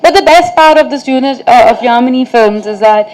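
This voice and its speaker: A woman's voice: sits high, a little fast, a little mellow, poor audio. A woman, an actress answering reporters' questions at a press meet in a chatty, storytelling way, often laughing through funny anecdotes. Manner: chatty, storytelling, frequent "like" and "you know".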